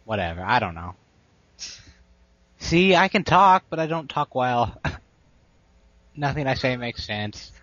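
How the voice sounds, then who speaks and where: A man's voice: mid-range voice, very animated, slow, pauses often, fairly bright tone, dry recording, dull audio. A young man co-hosting a casual podcast, rambling and poking fun at himself. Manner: rambling, self-mocking. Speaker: podcast co-host. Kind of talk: casual chat.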